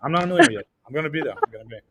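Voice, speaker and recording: A man's voice: fairly high pitch, wildly swooping pitch, racing, gravelly, a crowd in the background. A man hosting a comedy podcast, telling rambling, profane stories in casual chat. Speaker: podcast host.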